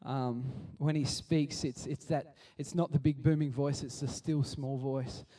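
A man giving a chatty, animated sermon and acting out the scenes he tells. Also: medium pitch, a little slow, recorded from a distance. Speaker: preacher. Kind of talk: casual sermon.

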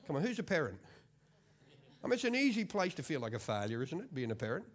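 A man's voice: on the high side, very animated, fast talker. A man in his forties, preaching a sermon in a chatty, self-mocking storytelling way.

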